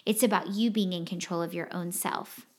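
A woman's voice: on the low side, steady tone, normal speed. An earnest woman co-hosting a podcast, speaking in casual, heartfelt talk. She leans on her points with emphasis and circles back to repeat the phrases that matter. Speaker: podcast co-host.

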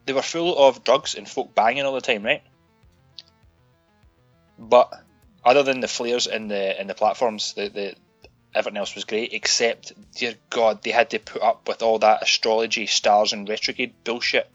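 A Scottish man co-hosting a podcast, chatting casually about a film in a sweary, animated, ranting way. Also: fairly low pitch, normal speed, muffled recording, faint music behind. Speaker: podcast co-host. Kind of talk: casual film-review chat.

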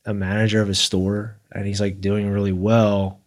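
A man's voice: fairly low pitch, flat delivery, normal speed. A man talking as a guest on a casual show about recovery, easygoing and swearing often. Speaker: podcast guest.

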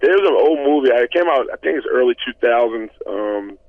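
A man in his thirties, a former football player as guest, telling stories in relaxed chat with many fillers, heard over a phone line. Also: mid-range voice, fairly quick, no echo. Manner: conversational storyteller, many fillers. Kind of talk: casual interview talk.

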